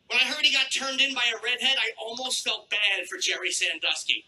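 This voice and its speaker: High, sharp-voiced brash male comic. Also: fairly even intonation, a little fast, hardly any pauses, poor audio. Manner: brash, crude, mock-outraged. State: throat trouble, clears throat. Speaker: stand-up comedian. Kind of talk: stand-up routine. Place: theater stage before a live audience.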